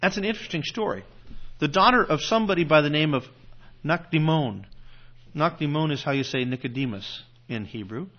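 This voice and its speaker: A man teaching a congregation on a Bible passage in a conversational way, often restarting with fillers. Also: medium pitch. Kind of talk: teaching sermon. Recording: dull, lo-fi sound.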